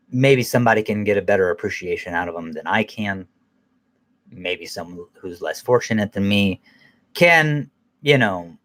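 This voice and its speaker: A man's voice: on the low side, animated, normal speed, fairly bright tone. Profane ranting man. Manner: angry, profane, rambling, laughs at himself. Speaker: podcast host. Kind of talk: profane casual rant.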